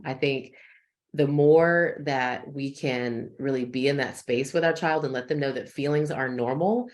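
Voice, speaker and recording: Brief: deep-voiced woman psychologist, calm and reassuring, talking over a video call. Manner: warm, reassuring, measured explanations. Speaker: psychologist guest. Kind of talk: expert interview, conversational.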